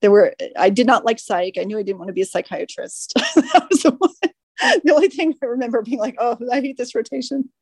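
A woman's voice: fairly high pitch, moderate pace, slightly rough, dry recording, clean studio sound. A woman in her forties, an orthopedic surgeon, telling stories as a podcast guest with frequent laughter. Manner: lively storyteller, laughs often. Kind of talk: podcast interview.

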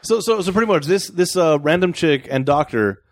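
A man's voice: on the high side, lively intonation, moderate pace, no room sound. A man co-hosting a podcast, mocking a movie in casual chat with sarcastic jokes. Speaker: podcast co-host.

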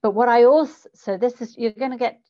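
A woman who coaches public speakers, talking in an interview and changing her pitch and volume to demonstrate delivery. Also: a little fast, mellow. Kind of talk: conversational interview. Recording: dull lo-fi podcast audio.

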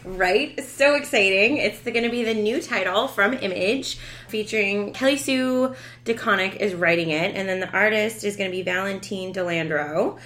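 A woman co-hosting a casual podcast, talking in a gushing, excitable way with lots of emphasis. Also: mid-range voice, normal speed. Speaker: podcast co-host.

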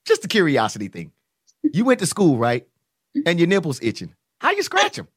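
A man's voice: a little high, wildly swooping pitch, a little fast, breathy edge. A man co-hosting a casual chat, teasing and prying with playful questions. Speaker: podcast co-host.

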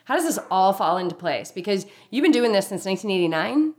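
A woman's voice: mid-range voice, very animated, fast, darkish tone. Enthusiastic woman hosting an interview. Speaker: podcast host. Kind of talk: casual interview.

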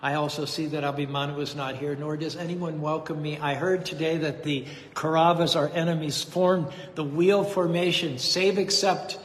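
A man's voice: on the high side, fairly even intonation, moderate pace, few pauses, lightly acted. A man voicing a noble warrior father grieving his slain son, in formal, lamenting speech. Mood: anguished. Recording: echoey hall, faint noise.

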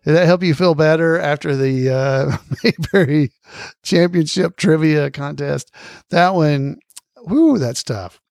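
A man's voice: fairly high pitch, creaky, darkish tone, no room sound, clean studio sound. Chuckling man hosting a podcast quiz. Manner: reads questions slowly and repeats them, chuckles often. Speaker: podcast host running a trivia quiz. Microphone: close podcast microphone.

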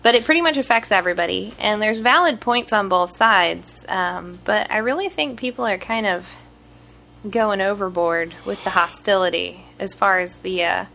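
A woman co-hosts a casual podcast, talking things through in a chatty, explanatory way. Her voice is bright and forward, sitting at an ordinary pitch. She often stops on an "um" before moving on. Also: vocal fry. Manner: chatty, explaining, frequent "um" pauses. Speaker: podcast co-host. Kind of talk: casual chat.

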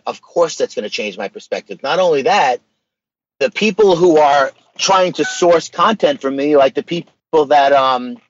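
A man speaking as a podcast guest in casual, earnest conversation, animated and loose with slang. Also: on the high side, slightly rough, muffled recording.

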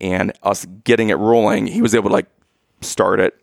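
A man's voice: lowish voice, fairly quick, creaky, no room sound, studio quality. A man casually telling a story on a podcast, acting out the people in it as he goes. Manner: animated storyteller, acts out quoted exchanges.

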